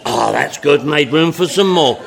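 A man's voice: on the high side, normal speed, vocal fry, heavy background noise. A man speaking to an audience at a recovery meeting, telling his story in a folksy, drawling, joking way with lots of repetition.

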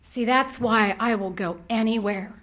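Woman, middle-aged, recovery talk speaker, animated storytelling, humorous, bright tone. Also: a little high, a little slow. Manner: animated, humorous, acts out her own thoughts.

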